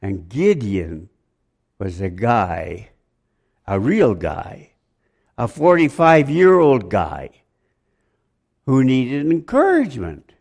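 A man's voice: mid-range voice, wildly swooping pitch, slow, gravelly, pauses often, a little mellow. A man preaching a sermon, rambling, joking with the congregation and asking them questions.

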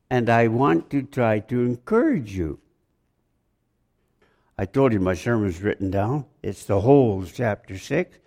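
A man's voice: mid-range voice, darkish tone. A man preaching a sermon, rambling, joking with the congregation and asking them questions.

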